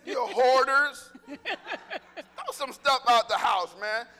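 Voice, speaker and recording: High bright man preaching with laughs. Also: lively intonation, takes it slowly. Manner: preaches conversationally, laughing at his own jokes. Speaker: pastor. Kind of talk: lively humorous sermon. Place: church sanctuary. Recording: long reverb of a church hall.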